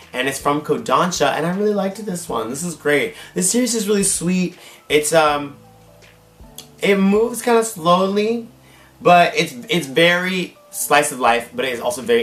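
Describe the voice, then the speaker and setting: A man's voice: fairly high pitch, a bit bright. A man hosts a casual manga haul vlog in drag, dramatic and gushing, his voice strained and wearing thin. The room is echoey, and faint guitar music plays behind him. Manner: gushing, dramatic, calls viewers y'all and baby. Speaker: drag queen manga collector, channel host.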